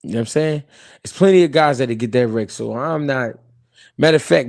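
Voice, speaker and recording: A man's voice: mid-range voice, a little fast, vocal fry, no room sound, clean studio sound. A man hosting a live-stream boxing talk show, arguing heatedly and talking to his chat. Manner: heated, animated, talks to chat. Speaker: host.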